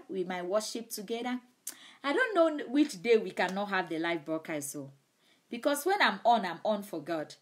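A woman preaching in a live-streamed sermon, emphatic, and often repeating her key phrases. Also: medium pitch.

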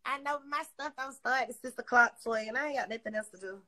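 Brief: loud-mouthed woman livestreaming from her phone, high bright voice, crude and mocking. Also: fast talker. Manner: brash, profane, mocking. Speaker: Instagram live host. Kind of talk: casual trash-talking livestream.

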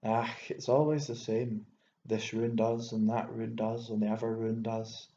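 A man's voice: lowish voice, little pitch movement, unhurried. A man doing a wheezing, scornful old Irish landowner. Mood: contemptuous. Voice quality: wheezing, scornful, bursts into shouting. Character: hot-tempered bitter old male landowner, drinking. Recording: dull lo-fi with faint hiss.

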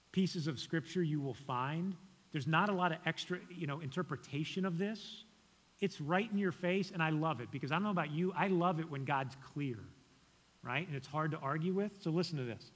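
A young male guest preacher delivers a sermon in a relaxed, conversational way, pressing his listeners with earnest challenges. His voice sits a little high for a man. The sanctuary gives the sound a long, lingering reverb. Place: church sanctuary. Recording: church hall reverb.

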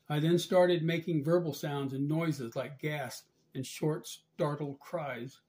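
A man reading aloud a written account of a dream and vision in a measured, subdued way. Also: a little high, warm tone. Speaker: religious channel narrator.

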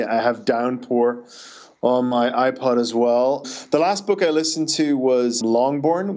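A Northern Irish man tells stories in a relaxed interview, chatty and anecdotal, with quick restarts as he goes. His voice sits at an ordinary middle pitch. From Northern Ireland. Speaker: author. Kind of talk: casual interview answers.

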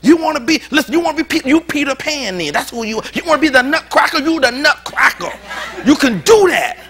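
A male pastor delivers a sermon with a high, lively voice that leaps up and down. He jokes and laughs easily and talks in loose, everyday speech. His tone is bright and ringing. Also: fairly quick. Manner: animated, joking preaching with laughs; informal, colloquial speech.

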